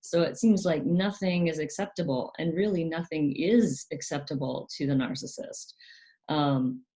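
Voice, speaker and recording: A woman hosting a casual educational talk, speaking softly with many ums and acting out quoted parents in a higher voice. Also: normal speed. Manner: soft-spoken, frequent ums, quotes parents in a higher, sharper voice. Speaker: channel host.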